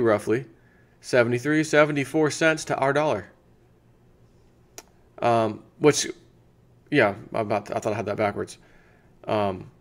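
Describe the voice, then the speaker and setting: An American man hosting his own channel, casually chatting through a sponsor segment and thinking aloud with restarts. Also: a little high. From United States. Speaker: channel host.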